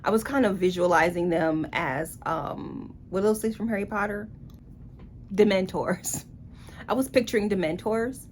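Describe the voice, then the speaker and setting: A woman's voice: medium pitch, moderate pace, slight background noise. A woman giving a casual book review in a blunt, sarcastic way.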